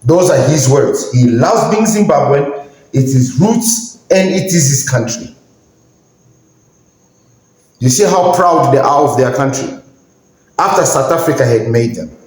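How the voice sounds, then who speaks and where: A man's voice: mid-range voice, animated, unhurried, pauses often, darkish tone. A man hosting a podcast, giving an indignant, emphatic ranting commentary and sometimes searching for words. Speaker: podcast host. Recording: very echoey room.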